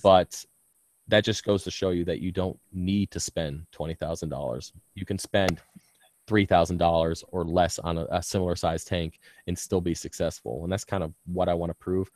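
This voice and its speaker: A man's voice: low-pitched, fairly even intonation, normal speed, darkish tone, no echo. A man hosting a casual live-stream Q&A about his reef tanks, rambling with lots of ums and casual swearing, talking with a slight lisp from a bitten tongue. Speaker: reef aquarium channel host.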